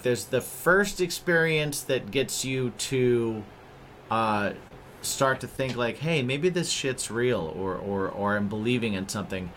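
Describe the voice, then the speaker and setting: Relaxed man hosting a podcast, faint noise. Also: medium pitch. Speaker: podcast host. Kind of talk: casual chat.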